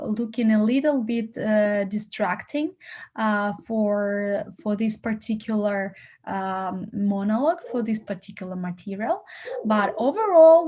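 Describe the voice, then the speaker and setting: A woman casting coach gives actors encouraging feedback in a fairly high voice. She rambles, stops and restarts often, and fills the gaps with "uh" and "um". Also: a little mellow, slight background noise. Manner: encouraging, rambling, many fillers. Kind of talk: critique and advice to actors.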